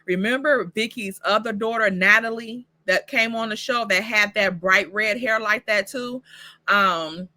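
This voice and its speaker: A woman's voice: mid-range voice, unhurried. A woman hosting her own show recap channel, talking casually and profanely, calling out characters as she goes. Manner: profane, animated, talks back to the characters. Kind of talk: casual reaction review.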